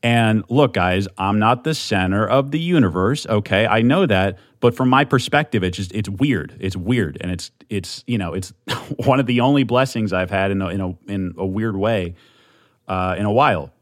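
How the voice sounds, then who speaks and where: A man's voice: fairly low pitch, moderate pace, dry recording, studio quality. A young man hosting a solo podcast, talking in an amped, rambling way with lots of swearing and restarts at a desk mic. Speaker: podcast host.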